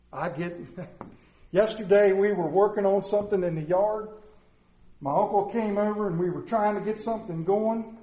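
A man with a notably high voice preaches in a folksy, conversational way, pressing rhetorical questions on his congregation. His voice rings around a roomy church. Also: a little mellow. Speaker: pastor. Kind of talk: sermon.

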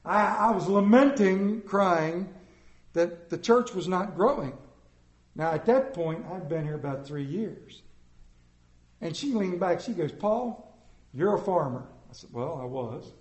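A middle-aged pastor preaching a sermon, telling folksy stories with self-deprecating humor. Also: male voice, high voice, animated, measured pace, echoey room.

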